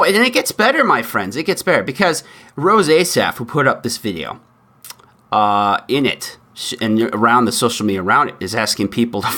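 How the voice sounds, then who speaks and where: A man's voice: fairly low pitch, a bit bright. A man hosting a podcast, talking through a news clip in a mocking, sarcastic way. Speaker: podcast host. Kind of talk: opinionated podcast monologue.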